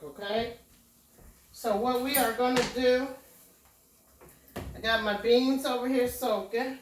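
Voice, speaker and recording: A woman's voice: a little high, distant mic, a little hiss or hum. A woman giving a casual home cooking demonstration, walking through each step in a homey way and often checking in with "okay?". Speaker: home cook. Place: home kitchen. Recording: echoey kitchen, voice from away from the mic.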